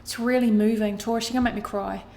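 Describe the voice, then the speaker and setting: A woman's voice: fairly high pitch, steady tone, quick pace, darkish tone, slight background noise. A woman giving a tarot reading to her viewers, earnest and emotional, often repeating her phrases and swearing casually. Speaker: tarot card reader. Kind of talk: astrology tarot reading monologue.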